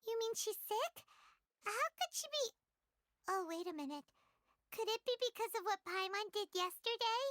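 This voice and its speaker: A woman voicing a tiny, excitable female fairy companion in a video game, who talks about herself in the third person. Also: normal speed, no echo, heavily acted. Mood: worried. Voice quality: high, squeaky, speaks of herself in third person. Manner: indignant outbursts, bubbly. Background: game music.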